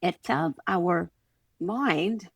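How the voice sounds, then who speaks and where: Quebec French-accented woman, podcast guest coach, lowish voice, close and dry, animated storyteller. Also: extremely slow, husky, no echo. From Quebec City, Canada. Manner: animated, acts out little scenes in quoted voices. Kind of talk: conversational podcast interview.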